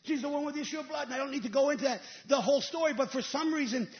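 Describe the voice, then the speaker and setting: A male evangelist delivers a sermon in a very high-pitched voice. He tells stories and then rises into emphatic, shouted peaks. The recording sounds dull and lo-fi. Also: very fast.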